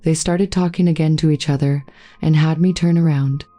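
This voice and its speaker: A woman narrating a first-person story in a steady, even read. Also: sits low, normal speed. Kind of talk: scripted narration.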